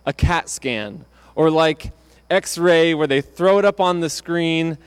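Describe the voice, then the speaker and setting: A male pastor delivering a sermon in a relaxed, conversational style. His voice sits a little on the high side, and he often repeats a word as he restarts a phrase. He acts out the lines of the people he is quoting. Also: slow pace, smooth. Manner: conversational preaching with restarts, acting out quotes.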